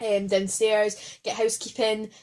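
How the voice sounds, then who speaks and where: A woman's voice: mid-range voice, level tone, a little slow, a little mellow. A young adult woman hosting a podcast, tipsy, rambling, and swearing freely in casual chat. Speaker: podcast host.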